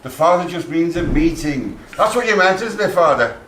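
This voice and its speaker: Actor as a bristling Liverpool dad, high voice, caught from far off on a roomy stage. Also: male voice, animated, moderate pace, fairly bright tone, a little hiss or hum. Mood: blunt. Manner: blunt, jokey, bristling. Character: blunt protective Liverpool father. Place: theatre stage. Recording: roomy stage sound from far off, faint ambience.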